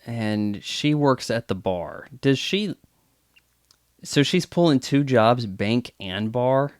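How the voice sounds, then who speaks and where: A man's voice: medium pitch, animated, slow pace, no room sound, clean studio sound. A man giving casual movie commentary with chatty, wry asides. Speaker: film commentator.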